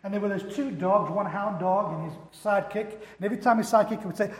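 A male pastor delivers a sermon, telling stories with animation. His voice sits high. The whole thing rings through a large, echoing hall. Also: quick pace, hardly any pauses. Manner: animated storytelling.

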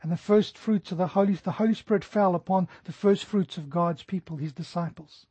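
A middle-aged man preaching a sermon earnestly, slowing down to stress scripture. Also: high voice, dark tone, husky, dry recording. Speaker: pastor. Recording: dry, dull lo-fi recording.

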